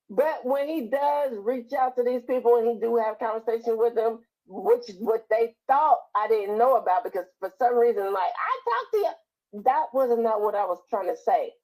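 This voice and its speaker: A woman's voice: fairly high pitch, lively intonation, normal speed, darkish tone, low-quality recording. A woman talking casually, speaking loosely with a laugh in her voice. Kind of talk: casual chat.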